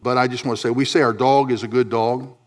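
A man preaching a sermon in a church, swinging between low, quiet asides and loud, emphatic high peaks. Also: steady tone, quick pace. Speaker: pastor.

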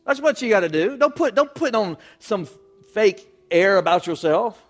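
High-voiced preacher, folksy. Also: male voice, sing-song, moderate pace. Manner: folksy, acts out scenes in voices. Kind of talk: sermon.

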